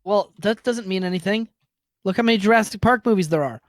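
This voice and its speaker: A podcast co-host in casual, argumentative chat, talking in quick bursts over a voice chat app. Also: medium pitch, dry recording. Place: home, talking over an online voice call. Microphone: computer mic on a voice chat app.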